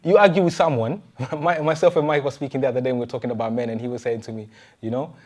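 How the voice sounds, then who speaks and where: A man, a pastor, giving a conversational sermon full of rhetorical questions and quick restarts. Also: medium pitch, fairly even intonation, darkish tone.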